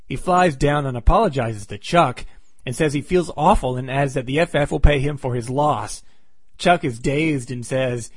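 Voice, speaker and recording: A man's voice: medium pitch, moderate pace, husky, no echo. A man reviewing an old comic book, recapping the plot with wry, sarcastic asides.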